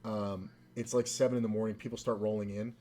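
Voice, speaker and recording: Speaking at a quick pace in a lowish, warm, level voice, a man tells a meandering, foul-mouthed story while streaming a game, pausing for asides about the gameplay.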